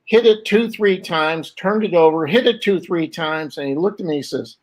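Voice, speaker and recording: An older man in conversation, spinning stories from his own life with animated energy. He slips into quoted voices and laughs as he goes, with pauses and restarts. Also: on the high side, low-quality recording. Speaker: guest artist. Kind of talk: conversational interview storytelling.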